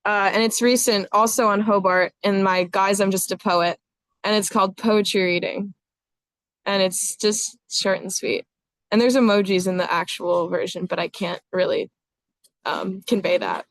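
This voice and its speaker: A woman's voice: medium pitch, normal speed, fairly bright tone, no room sound. A woman reading her own poetry over a video call, dramatic in the poems and chatty in her asides. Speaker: poet reading her work. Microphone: video call microphone.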